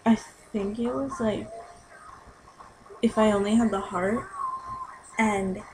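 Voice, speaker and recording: A woman's voice: mid-range voice, fairly even intonation, slow, noisy background. A young woman in a casual vlog, chatty and gushing as she recaps a concert, saying "like" constantly. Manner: chatty and gushing, heavy use of "like". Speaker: concert-goer recapping a show.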